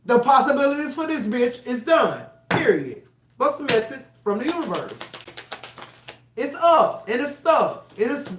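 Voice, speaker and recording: A woman's voice: high-pitched, sing-song, measured pace. A woman doing a live-stream tarot reading, blunt and profane, with fired-up, emphatic delivery. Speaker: tarot reader. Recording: roomy echo.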